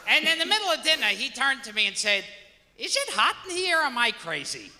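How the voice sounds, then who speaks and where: A man doing a stand-up comedy set, shouting his lines in sudden loud bursts with a gravelly edge. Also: extremely high pitch, very animated, brisk. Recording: archive stand-up clip, echoey hall, background noise.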